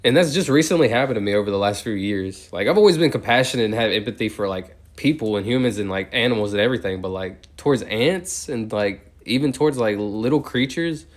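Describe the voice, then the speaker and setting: Low-voiced man counting fast and steady. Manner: steady counting that breaks into rambling chat full of "like". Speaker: livestreamer. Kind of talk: long livestream, counting out loud.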